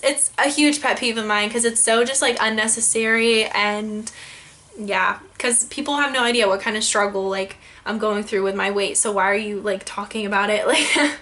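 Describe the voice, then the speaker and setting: A young woman vlogging about her pet peeves, exasperated and full of "like". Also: high-pitched. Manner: exasperated, heavy use of "like", animated quoting. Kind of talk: casual ranting vlog.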